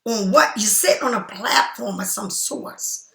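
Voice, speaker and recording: A woman's voice: medium pitch, measured pace, creaky, roomy sound, noisy background. A woman giving a casual tarot reading straight to the viewer, repeating herself for emphasis as she offers spiritual encouragement. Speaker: tarot card reader.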